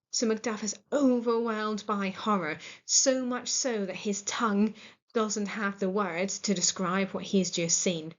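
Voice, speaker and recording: An English woman teaching a recorded literature lesson, explaining the scene clearly and encouragingly. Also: medium pitch, fairly even intonation, unhurried, lo-fi sound.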